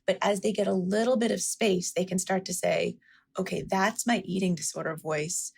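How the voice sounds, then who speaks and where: A woman's voice: medium pitch, steady tone, moderate pace, gravelly, husky. A woman physician answering interview questions in an earnest, explanatory way, stressing each word in a list. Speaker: physician guest.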